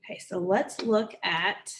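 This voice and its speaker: A woman teaching a phonics lesson, saying each word slowly and repeating it several times. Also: mid-range voice, steady tone, slight background noise. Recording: echoey room from a distance.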